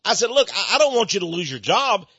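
Male speaker, American, dry husky delivery, plays every character in his anecdotes. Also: high-pitched, fast talker, no room sound. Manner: animated, acts out both sides of conversations. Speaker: Christian speaker on Freemasonry. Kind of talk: storytelling sermon talk. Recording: dull muffled lo-fi recording.

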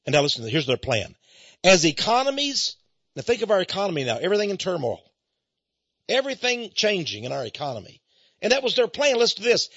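A man with a high, bright voice delivers a talk radio monologue, his pitch swinging widely as he reads passages aloud and breaks in with mock alarm. The sound is dry and a little dull. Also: no room sound. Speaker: radio host. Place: studio office.

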